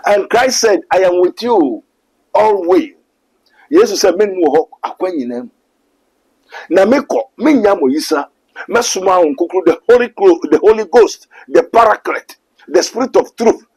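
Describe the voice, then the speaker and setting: A man's voice: high voice, expressive, moderate pace, a little mellow, husky, poor audio. A man with a Ghanaian accent, preaching in a call-and-response exchange, emphatic and quoting scripture. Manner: emphatic, quotes scripture, mixes English and Twi.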